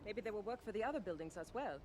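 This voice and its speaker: A woman voicing a brisk, capable female ally, talking firmly. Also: medium pitch, expressive, a little mellow, close to an everyday voice.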